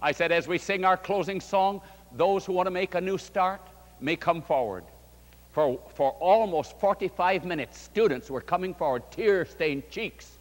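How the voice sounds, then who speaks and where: An older man, a pastor, preaching a sermon and telling a story with fervent rises and quiet drops. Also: moderate pace. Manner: fervent preaching, voice swelling and dropping low. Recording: long hall reverb.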